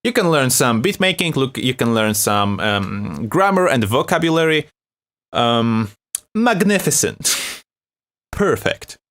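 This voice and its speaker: A man's voice: mid-range voice, big pitch swings, measured pace, fairly bright tone. A young man from Poland with a Polish accent, hosting a live beat-making stream in a loose, chatty way, reading chat aloud and laughing often. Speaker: beat-making livestream host.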